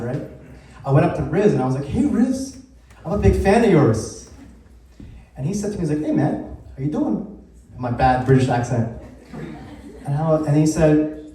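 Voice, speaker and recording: A man's voice: a little high, warm tone. A man in his thirties, the founder of a community group, giving an upbeat anniversary talk to a live audience and asking the crowd questions. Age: 30s. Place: event space with live audience. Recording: very echoey room, heard from a distance.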